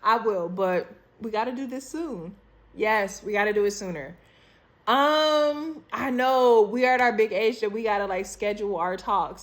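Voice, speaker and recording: A woman's voice: mid-range voice, moderate pace. A young woman telling a dating story over a phone video call in a candid, chatty, profane way, calling her listener "girl" and "baby". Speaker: storytime vlogger.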